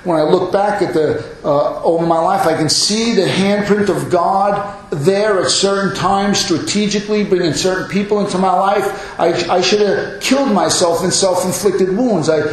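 A man's voice: high-pitched, moderate pace, hardly any pauses. A man in his fifties preaching a sermon in a church, earnest and emphatic, driving points home by repeating phrases. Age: 50s. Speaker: pastor. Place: church hall. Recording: very echoey room.

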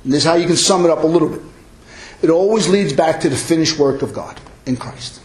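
Pastor, male, high-pitched, forceful emphatic sermon delivery in a roomy church. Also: fast. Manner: forceful, emphatic preaching with big pitch swings. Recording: echoey church hall.

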